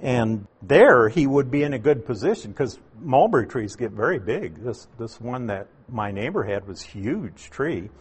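A man's voice: medium pitch, big pitch swings, moderate pace, few pauses, husky. A man preaching a conversational expository sermon, explaining Greek words with asides to the listeners. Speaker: pastor.

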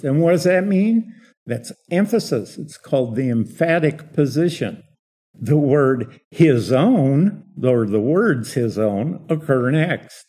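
A man's voice: fairly high pitch, dark tone. A man preaching an expository sermon, explaining a passage and asking rhetorical questions.

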